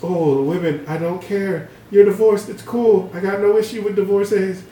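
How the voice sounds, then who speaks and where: A young man co-hosting a podcast, chatting casually and telling stories animatedly, swearing and jumping his voice high when he quotes people. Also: fairly even intonation, normal speed, dark tone. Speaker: podcast co-host. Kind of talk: casual chat, storytelling. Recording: roomy room, voice slightly off-mic, faint noise.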